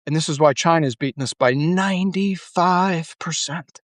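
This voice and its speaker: A man's voice: fairly high pitch, moderate pace, dry recording. A middle-aged man hosting a podcast, ranting casually with frequent swearing and fillers. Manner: ranting, profane, full of fillers. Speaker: podcast host. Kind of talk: casual monologue.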